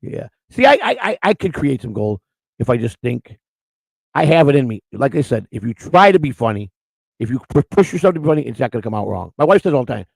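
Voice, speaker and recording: A gravelly man talks crudely and rambles, often stumbling over his words. His voice sits mid-pitched, and the recording is close and dry. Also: very animated, quick pace, dry recording, low-quality recording. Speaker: co-host of a live-streamed morning show. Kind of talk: rambling casual chat reading live chat.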